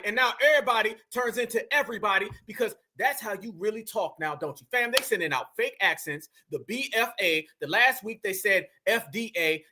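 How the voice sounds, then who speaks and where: Guy reacting to a clip, high voice, keeps hammering his point and mocking, talks right at his viewers. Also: bright, forceful tone. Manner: emphatic, mocking, repeats points to the audience. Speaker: commentary channel host. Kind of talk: reaction commentary on a played clip.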